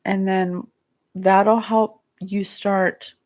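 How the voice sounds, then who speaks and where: A woman hosting a psychic show, giving spiritual guidance in a soft, earnest, emotional way. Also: medium pitch, level tone, drawn-out words. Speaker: psychic podcast host. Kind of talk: spiritual guidance talk, reading viewer comments.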